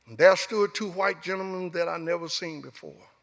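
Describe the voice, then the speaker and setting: A man's voice: high-pitched, moderate pace, creaky, a bit bright. A middle-aged man from Alabama with a Southern US accent, telling a personal story as a guest speaker and acting out the dialogue. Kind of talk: storytelling speech. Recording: echoey hall.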